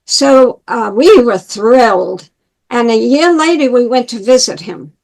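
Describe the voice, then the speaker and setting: An older woman from New York with a high voice, telling her life story. She acts out the dialogue of people she remembers, with plenty of animation. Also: expressive, unhurried, vocal fry, a little mellow, rough recording. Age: 80s. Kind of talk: personal storytelling.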